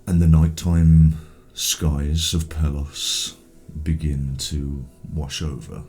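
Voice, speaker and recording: A man narrating a tabletop game as game master, setting each scene in a measured way with the odd filler. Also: extremely low pitch, fairly even intonation, warm tone, faint music behind.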